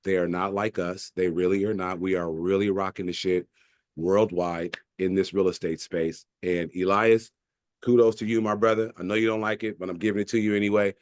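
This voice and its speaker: A man's voice: low-pitched, steady tone, a little fast, no echo, studio quality. A man speaking to his team in a casual, hyped way, full of slang and casual swearing. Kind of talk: casual motivational talk.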